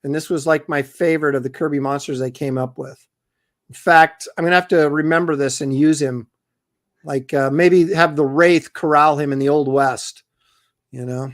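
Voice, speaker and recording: A middle-aged man in casual livestream chat, relaxed and talkative, co-hosting a show and reading viewer comments aloud. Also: on the high side, normal speed. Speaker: comic artist and show co-host.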